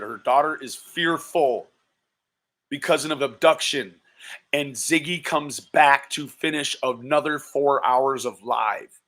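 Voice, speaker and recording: An exasperated man doing live-stream commentary. He swears often and drags out his disbelieving exclamations. His pitch sits in the middle range for a man. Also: a bit bright.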